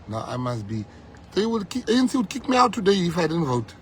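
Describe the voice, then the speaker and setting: A South African man, a political leader, giving a fiery rally speech, breaking into loud shouts at the peaks. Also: sits high, sing-song, fast talker, slight background noise. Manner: fiery, switching between English and Afrikaans, shouting at peaks.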